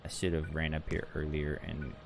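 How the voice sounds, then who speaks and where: A man's voice: rumbling low, completely flat delivery, moderate pace, over music. A tired man giving rambling, chatty commentary over his own gameplay, often correcting himself as he goes. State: tired, yawning. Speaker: gaming channel host.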